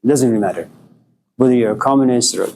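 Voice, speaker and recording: A man's voice: mid-range voice, rapid-fire, dark tone, a little hiss or hum. A man in his sixties giving a conversational philosophy lecture, acting out quoted voices now and then. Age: 60s.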